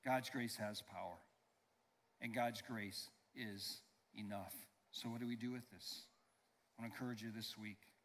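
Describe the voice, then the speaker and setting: A pastor preaching a sermon with emphasis. He slows down to stress key phrases and leads the congregation in call-and-response. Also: lowish voice, steady tone, fairly bright tone. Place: church sanctuary. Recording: long reverb of a church hall.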